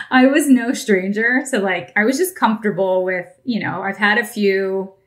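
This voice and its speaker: A woman from New Jersey shares a story on a podcast, chatty and lively. She pokes fun at herself as she goes. Her voice sits in an ordinary middle pitch for a woman. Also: a little slow. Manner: chatty, animated, self-deprecating. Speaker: podcast co-host. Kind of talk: casual storytelling.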